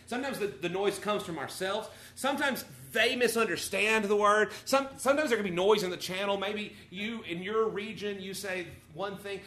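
Male preacher, animated and chatty, slightly high, bright voice, echoey room. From Texas or Arkansas, USA. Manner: animated, conversational, rising and falling in volume. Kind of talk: sermon.

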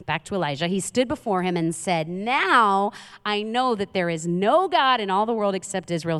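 Conversational woman preaching in a reverberant hall. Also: fairly low pitch. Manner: conversational, animated storytelling with asides. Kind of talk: sermon.

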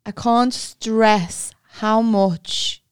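A woman's voice: on the high side, very slow, clean tone. Chatty Scouse woman telling stories. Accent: Liverpool (Scouse). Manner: storytelling, animated, acts out voices with laughs. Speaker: podcast co-host. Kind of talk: casual chat.

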